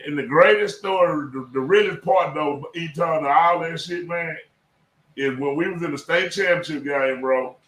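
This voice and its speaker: Brief: middle-aged man, ex-football coach, emphatic and profane storyteller, slightly raised pitch, echoey room, voice a bit far from the mic. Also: normal speed, a bit bright. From South Dallas, Texas. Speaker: former high school football coach. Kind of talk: casual podcast storytelling.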